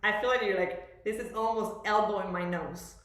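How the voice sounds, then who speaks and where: A woman's voice: medium pitch, fairly even intonation, normal speed, a bit bright. A woman teaching a master class, coaching a student and explaining at length, often searching for words. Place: music school room. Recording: very echoey room.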